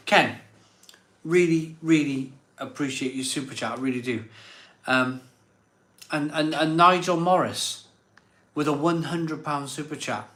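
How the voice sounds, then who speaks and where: A man's voice: a little high, unhurried, pushed and bright. A man hosting a live stream who reads out viewer messages and says his thanks with emotion, repeating words over and over. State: emotional, catching his breath. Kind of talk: casual live stream chat. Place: home room set up as a virtual pub. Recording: echoey room.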